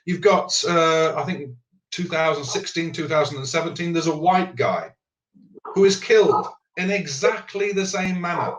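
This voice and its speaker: A man's voice: fairly high pitch, moderate pace. A man hosting a casual chat, talking hesitantly with restarts and fillers. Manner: hesitant, restarts and fills often. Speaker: show host. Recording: echoey muffled audio from a distant mic.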